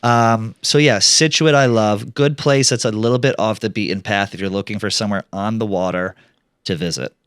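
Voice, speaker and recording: A man's voice: fairly low pitch, fairly even intonation, moderate pace, fairly bright tone, smooth, dry recording, studio quality. A man hosting a podcast, talking casually and reading an ad with upbeat energy. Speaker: podcast host. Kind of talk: casual chat and ad read.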